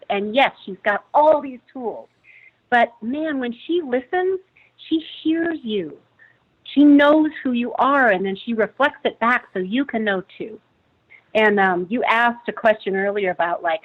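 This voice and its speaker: A woman's voice: mid-range voice, narrow, tinny audio. A woman calling in as a friend of the guest, speaking with emotion and pouring out praise. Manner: emotional, gushing, full of praise. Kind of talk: heartfelt testimonial.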